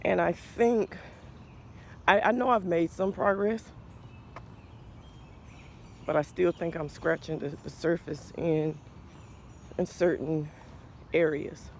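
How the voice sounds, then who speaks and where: A man in his forties hosting a podcast, talking slowly and earnestly about faith and mental health, a little out of breath. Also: on the high side, fairly even intonation, gravelly, a little mellow, slight background noise. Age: 40s. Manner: slow, thoughtful, earnest, with pauses and restarts. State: slightly out of breath. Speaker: podcast host. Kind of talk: reflective faith-based mental health talk.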